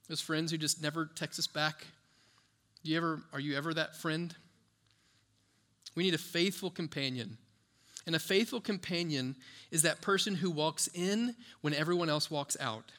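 A man's voice: a little high, bright, forceful tone. A man preaching a sermon as pastor, conversational and full of rhetorical questions to the congregation. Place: church.

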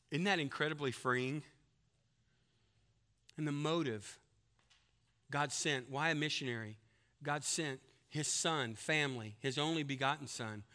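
Man preaching, bright tense voice, pitch a bit high, emphatic and lively. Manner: emphatic preaching with a long joke; plays characters in a told story with big pitch jumps. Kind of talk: sermon.

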